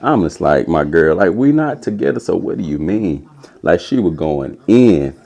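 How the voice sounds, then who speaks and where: Low-voiced young man telling a story. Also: moderate pace, gravelly. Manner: animated, acts out quotes in a high voice. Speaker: podcast host. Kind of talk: casual storytelling.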